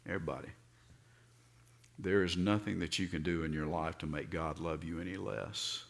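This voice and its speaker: Low-voiced Southern pastor preaching. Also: male voice, fairly even intonation, normal speed, gravelly. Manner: storytelling, acts out voices with sudden loud outbursts. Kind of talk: sermon.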